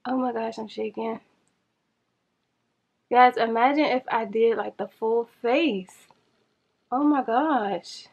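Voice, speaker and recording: A woman chatting to viewers in a casual makeup challenge vlog, flustered and rushing against a timer. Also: on the high side, steady tone, gravelly, muffled recording. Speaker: beauty vlogger.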